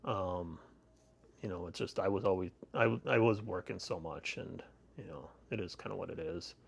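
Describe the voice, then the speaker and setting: A middle-aged man, in the role of podcast host and guest, tells rambling personal stories in a casual interview, full of restarts and laughter. His low voice is creaky with a breathy edge and moves at a normal speed.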